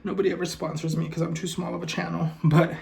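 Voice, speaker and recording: A man's voice: a little high, little pitch movement, fast, creaky, a little mellow, rough recording. A young man chatting casually to camera while eating at home, swearing, laughing at himself and now and then a little out of breath. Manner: chatty, swearing, self-mocking, laughs often. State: slightly out of breath. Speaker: vlogger. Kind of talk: casual mukbang vlog chat. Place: home apartment, indoors. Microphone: camera set in front.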